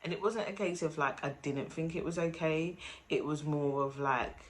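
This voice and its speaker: A woman's voice: deep voice, moderate pace. A woman hosting her own vlog, talking in a candid, rambling, self-deprecating way and sounding weary. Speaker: vlog host. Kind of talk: casual confessional chat.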